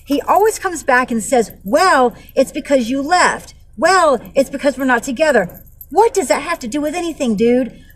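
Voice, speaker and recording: A woman's voice: sits high, low-quality recording. A woman in her forties telling a vlog story in a blunt, heated way, with flashes of anger and weary sighs. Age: 40s. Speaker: vlogger.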